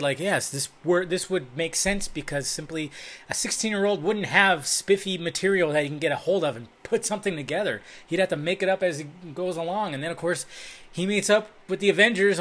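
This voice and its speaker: A man's voice: a little high, a bit bright. A man vlogging about film news in a loose, rambling style, swearing freely, talking into a desk microphone in a dim room. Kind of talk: casual rambling commentary. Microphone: desk microphone, webcam.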